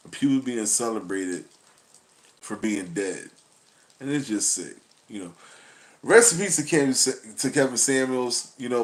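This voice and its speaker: A man hosting a casual commentary vlog, talking animatedly with frequent profanity and laughter. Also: mid-range voice. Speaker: vlog host.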